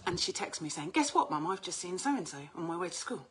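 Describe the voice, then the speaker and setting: A woman's voice: on the low side, brisk, slight background noise. A middle-aged woman, chatting casually on a livestream as an oracle card reader, talkative and prone to swearing. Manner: chatty, animated, swears freely.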